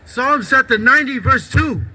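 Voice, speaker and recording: A man with a very high, bright voice reads scripture out loud in short pieces. He repeats each phrase when prompted. His tone is plain and steady. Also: moderate pace, slight background noise. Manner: reads bible verses aloud in short chunks, repeating on request. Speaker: scripture reader.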